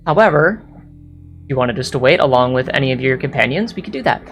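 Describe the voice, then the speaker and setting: A woman voicing an eager adventurer who speaks to a king excitedly and politely in a tabletop game. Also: rumbling low, fast talker, faint music behind, pitched below the performer's own voice.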